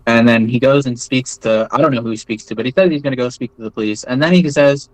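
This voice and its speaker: A man of ordinary pitch recounts events in a loose, meandering way, stacking fillers and tossing in "right?" to check in with his listener. The sound is dry and close, with little room around the voice. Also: fast, no room sound, low-quality recording. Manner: rambling, many fillers and tag questions like "right?". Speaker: interview guest, former foreign volunteer fighter. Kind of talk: casual spoken storytelling.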